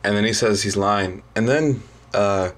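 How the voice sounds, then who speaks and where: Low-voiced young man, halting storyteller. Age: young adult. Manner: halting, full of ums and restarts. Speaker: student. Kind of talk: casual story retelling.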